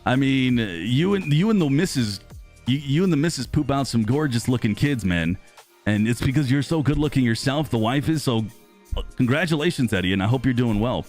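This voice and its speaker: A man in his thirties casually chatting with viewers on a live stream, rambling and talkative, losing his voice and clearing his throat. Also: brisk, faint music behind. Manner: chatty and rambling, lively pitch swings when greeting viewers. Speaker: streamer host reading live chat.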